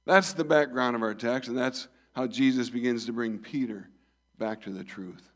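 A man preaching a sermon, reading scripture and voicing the dialogue, rising loud then dropping soft. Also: medium pitch, moderate pace. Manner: reads scripture and acts out the dialogue, swells and drops in volume.

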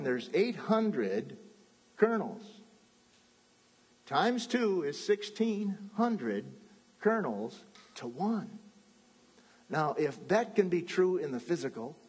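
A man's voice: a little high, husky, big-room sound. A man preaching a sermon as pastor, in a conversational way with restarts and asides.

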